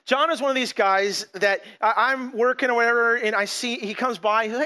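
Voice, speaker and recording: A middle-aged man preaching a sermon as pastor, in a lively, conversational way, acting out quotes as he goes. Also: extremely high pitch, fast talker, hardly any pauses.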